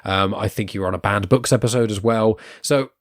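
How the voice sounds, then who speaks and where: A man's voice: lowish voice, steady tone, a little fast, no echo, studio quality. A man hosting a podcast in casual chat, upbeat and chatty, laughing often as he wraps up. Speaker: podcast host.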